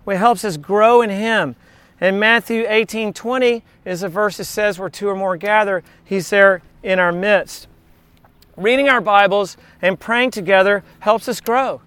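A man's voice: sits high, steady tone, unhurried, fairly bright tone, clean tone, no room sound. A male pastor giving a casual, anecdotal sermon at an outdoor beach church, chatting with frequent asides to the congregation.

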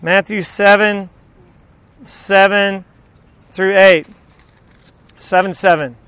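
A man's voice: sits high, steady tone, slow pace, fairly bright tone, clean tone, no room sound. A man preaching a sermon, telling stories and asking the audience questions. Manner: storytelling, asks the audience questions.

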